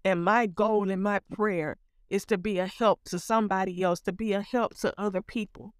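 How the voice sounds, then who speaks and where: Woman, earnest testimony speaker, warm direct address; smooth tone, mid pitch. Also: steady tone, normal speed, no echo, studio quality. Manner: earnest, calls the listener honey. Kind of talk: personal spiritual testimony.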